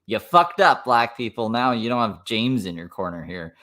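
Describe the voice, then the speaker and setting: A man's voice: medium pitch, animated, normal speed, fairly bright tone. A man with a Minnesota accent giving casual reaction commentary, with wry asides and laughs. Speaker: commentary streamer.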